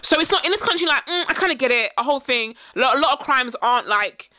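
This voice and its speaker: A high, bright woman's voice talking at a quick clip. She co-hosts a casual podcast chat, animated and slipping into quoted voices as she goes. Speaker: podcast co-host.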